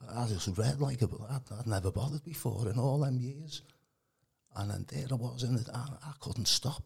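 As a podcast guest, a man from Birkenhead, England, rambles through a casual testimony loaded with colloquial fillers. He talks at a normal speed in a medium-pitched voice that is gravelly and very husky.

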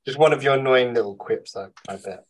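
A man's voice: mid-range voice, a little fast, slight background noise. A man in his twenties, reading out old messages with dry teasing in a casual chat.

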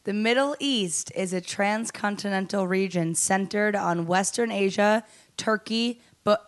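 A woman's voice: medium pitch, unhurried. A young woman co-hosting a podcast, chatting casually in a playful, giggly way. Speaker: podcast co-host. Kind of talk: casual chat.

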